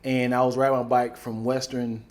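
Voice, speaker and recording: A man's voice: mid-range voice, moderate pace. A man co-hosting a podcast, telling stories in casual chat and jumping into put-on voices. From United States. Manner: animated storyteller, jumps into loud put-on voices. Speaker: podcast co-host.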